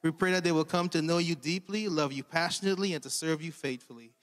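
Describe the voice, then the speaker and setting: Earnest male prayer leader, somewhat high voice, long hall reverb. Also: fast. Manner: steady, earnest prayer cadence. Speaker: church leader leading prayer. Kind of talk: spoken prayer.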